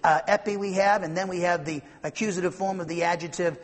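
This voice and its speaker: A man preaching an expository sermon, explaining Greek words one by one and stumbling over their pronunciation, with emphatic swings between loud bursts and quiet asides. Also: high voice, steady tone, fast talker, in a large hall. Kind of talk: expository Bible-teaching sermon.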